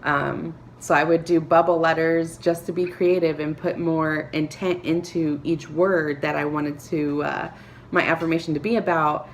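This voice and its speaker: A woman talking to camera, giving earnest, encouraging advice with soft laughs and filler words. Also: low-pitched, little pitch movement, moderate pace, a little hiss or hum. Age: adult, a parent. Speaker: vlogger. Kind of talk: motivational talk to camera.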